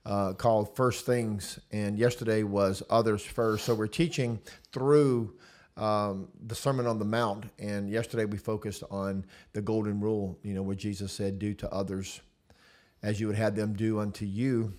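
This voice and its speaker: A man, a pastor, chatting casually about his church, relaxed and laughing easily, with many fillers. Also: fairly low pitch, normal speed. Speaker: senior pastor. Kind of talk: casual chat.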